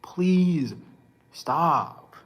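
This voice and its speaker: His voice is a little high with a breathy edge as the man gives a casual, on-camera spiritual reading. Animated and blunt, he scolds in profane street slang and throws in quick laughs.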